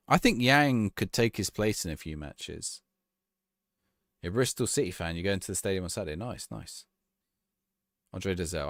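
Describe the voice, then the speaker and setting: Casual male streamer, rambles chatting with viewers, lower voice that swings up and down, close dry mic. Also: fairly bright tone, no echo. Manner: casual, rambling, answering chat questions. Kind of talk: live-stream gameplay chat.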